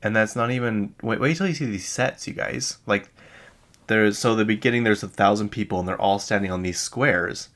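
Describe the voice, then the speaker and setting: A man's voice: fairly low pitch, moderate pace, a bit bright. A young adult man hosting a podcast in casual chat, rambling and incredulous, often laughing mid-sentence. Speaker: podcast host.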